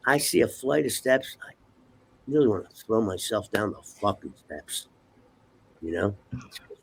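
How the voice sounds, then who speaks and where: Gravelly, profane man telling a story. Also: on the low side, normal speed, long pauses. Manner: profane, animated storyteller acting out dialogue. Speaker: interview guest. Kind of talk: casual storytelling.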